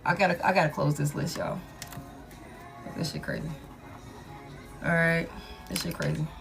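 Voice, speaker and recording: A woman's voice: low voice, very animated, moderate pace, creaky, music in the background. A woman giving a live tarot reading, talking casually and profanely to her viewers. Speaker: tarot reader.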